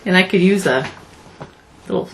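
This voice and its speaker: A woman's voice: on the low side, moderate pace, vocal fry, a little hiss or hum, poor audio. A woman co-hosting a casual podcast who keeps questioning the stories with skeptical curiosity. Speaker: podcast co-host. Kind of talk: casual news chat.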